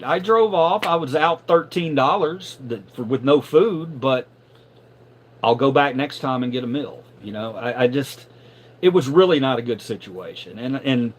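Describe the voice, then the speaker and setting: A middle-aged man on a live stream telling a story casually, animated and profane, stumbling over repeated words when riled up. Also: medium pitch.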